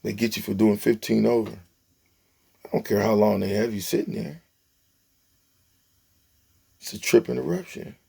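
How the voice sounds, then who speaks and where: Male football commentator, low and gravelly, exasperated and emphatic, lecturing the players. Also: moderate pace, pauses often, warm tone. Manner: preachy, emphatic, exasperated, talks to players directly. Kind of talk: animated sports commentary vlog.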